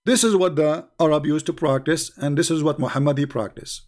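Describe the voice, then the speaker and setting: A man's voice: on the high side, fairly quick, a little mellow. A middle-aged man hosting a livestream debate, combative and mocking, hammering points home by repeating them. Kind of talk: polemical livestream commentary.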